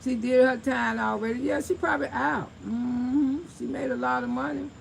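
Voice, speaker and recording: Chatty woman in her sixties, gravelly voice. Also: high voice, steady tone, normal speed, slight background noise, rough recording. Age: 60s. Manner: chatty, reads out and answers viewer comments, laughs often. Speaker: livestream host. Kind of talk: casual livestream storytelling.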